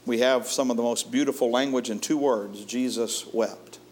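A man preaching a sermon in a folksy way, chuckling often and moving between lively and hushed delivery. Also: medium pitch, a little fast, slight background noise.

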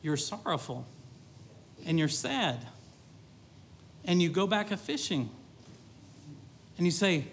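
A man preaching a sermon, quoting scripture and talking directly to the congregation with lively excitement. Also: fairly high pitch, slow pace, pauses often, slight background noise. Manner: animated preaching, with rising excitement and repeated asides to the congregation; quotes scripture in older King James wording.

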